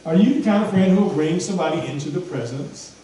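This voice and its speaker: A male pastor delivers a sermon with a fairly high voice, repeating his points and asking the congregation rhetorical questions. He sounds distant from the mic. The church around him is very echoey, with a faint hum of room noise. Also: fast talker, warm tone. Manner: emphatic, repeats phrases, asks rhetorical questions. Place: church sanctuary. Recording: echoey hall from far off.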